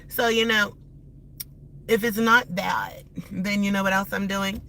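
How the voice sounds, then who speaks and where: A woman ranting bluntly and profanely while driving, her voice moving between loud outbursts and hushed asides. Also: mid-range voice, slow, long pauses. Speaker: live-stream host. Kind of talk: ranting live-stream vlog. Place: inside a car while driving. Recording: steady car and road noise.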